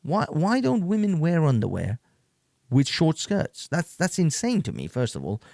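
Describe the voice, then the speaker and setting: A man's voice: a little high, huge pitch swings, moderate pace, vocal fry, darkish tone, no echo. Rambling man ranting, dry close sound. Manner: rambling, repeats words, laughs often. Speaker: host reacting to clips. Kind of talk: casual ranting commentary.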